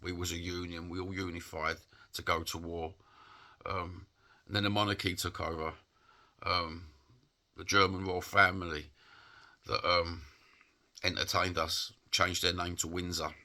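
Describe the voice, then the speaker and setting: A man's voice: low-pitched, level tone, measured pace, long pauses, sharp tone. A man with a Cockney accent from England, giving an impassioned, rambling opinion monologue for his vlog. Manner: impassioned, rambling, plain-spoken. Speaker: vlogger.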